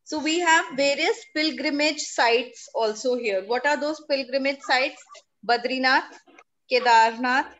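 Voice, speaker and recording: A woman's voice: high-pitched, a little slow, a bit bright. A middle-aged woman with an Indian English accent, teaching a class and patiently questioning and coaxing her pupils to answer. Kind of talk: classroom lesson.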